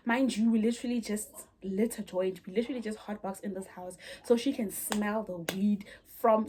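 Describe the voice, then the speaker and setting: A woman's voice: a little high, a little hiss or hum. A young woman telling a dramatic story in a chatty vlog, speaking straight to her viewers. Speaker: vlogger. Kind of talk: casual storytime.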